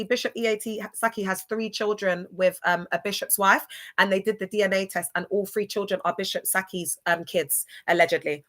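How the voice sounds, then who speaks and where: A woman runs a casual livestream. She rambles and gossips, sometimes spelling words out letter by letter. Her voice is bright and forceful. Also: mid-range voice, fairly even intonation, a little fast. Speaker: livestream host.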